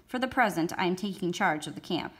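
A woman's voice: on the low side, animated, quick pace, natural voice. A woman voicing a stern, authoritative male attorney general who speaks in a formal, commanding way.

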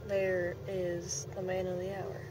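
A woman's voice: lowish voice, completely flat delivery, a little slow, noisy background. A woman vlogging casually from a car, chatting and rambling with lots of fillers. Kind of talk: casual vlog chat.

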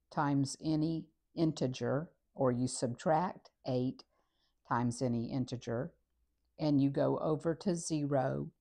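A woman teaching a recorded math lesson, talking methodically through each step while she works on a graph. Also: low voice. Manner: steady, methodical, talks through steps while writing.

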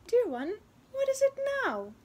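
A woman reading a storybook aloud, voicing a magical female wren who speaks gently but gravely. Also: wildly swooping pitch, a little slow, heavily acted. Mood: gentle. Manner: high, soaring bird voice.

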